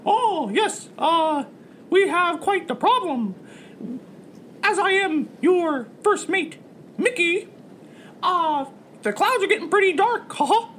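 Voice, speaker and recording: A woman's voice: very high-pitched, lively intonation, slow, long pauses, a bit bright, a little hiss or hum, voice pushed up, exaggerated voice. A woman voicing a jittery male rat first mate in an improvised comic role-play, hesitant and giggly. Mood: nervous.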